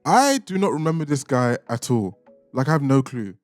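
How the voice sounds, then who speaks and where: A man's voice: mid-range voice, big pitch swings, normal speed, no room sound. Young guy ranking movie characters, chatty and cheeky, faint music behind. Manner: chatty, opinionated, playfully insulting. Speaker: reaction channel host. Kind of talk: casual ranking commentary.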